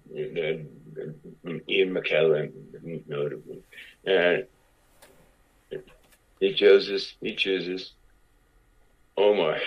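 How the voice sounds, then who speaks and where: A man's voice: low-pitched, husky, dull audio. A man in his sixties, an actor and podcast guest, telling anecdotes casually and acting out other people's lines. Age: 60s.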